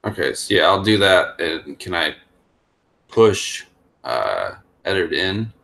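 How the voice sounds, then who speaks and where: A man playing a tabletop game, talking in a hesitant, low-key way in casual chat. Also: sing-song, takes it slowly, vocal fry, fairly bright tone.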